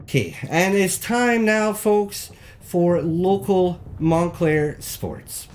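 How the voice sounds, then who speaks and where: A man hosting a live call-in show, reading mock local news in a rambling, deadpan, jokey way that stumbles over words. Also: high voice, extremely slow, over music.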